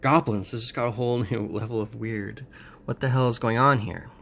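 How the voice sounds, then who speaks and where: A man's voice: mid-range voice, fairly even intonation, a little fast, creaky, fairly bright tone, slight background noise. A man voicing a tough, wisecracking young heroine, reading her sarcastic lines from a comic plainly. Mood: baffled.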